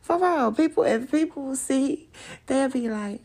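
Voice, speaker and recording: Female podcast host, gravelly rasp, blunt and profane, animated straight-to-listener rant. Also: fairly high pitch, moderate pace. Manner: animated, laughs often. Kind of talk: casual chat, open discussion monologue.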